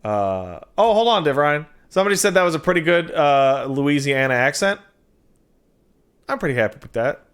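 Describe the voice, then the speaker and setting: A man hosting a game livestream, thanking viewers and reading their messages in a loose, joking chat. His voice sits a bit above the usual male pitch and swings up and down in a very animated way, with quick throwaway asides. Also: clear, resonant tone. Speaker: game streamer.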